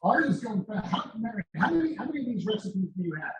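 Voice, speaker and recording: A man's voice: high voice, sing-song, fast, slightly rough, rough recording. A man hosting a casual cooking chat, joking and repeating himself as he asks questions. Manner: jokey, repeats himself while asking questions. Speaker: host.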